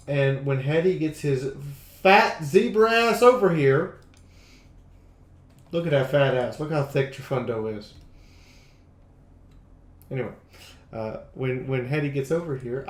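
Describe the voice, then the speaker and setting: Rambling man hosting a tabletop stream. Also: on the high side. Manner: rambling, teasing, stammering restarts. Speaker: game master and stream host. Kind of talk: live-streamed tabletop game chat. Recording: roomy echo.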